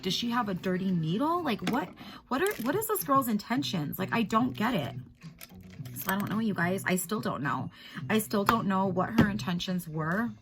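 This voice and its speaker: A woman's voice: medium pitch, creaky. An upset woman in her thirties talks straight into her camera at home. She rambles and circles back, filling her speech with "like" and "you guys" as she vents. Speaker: vlogger. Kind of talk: casual chat to camera.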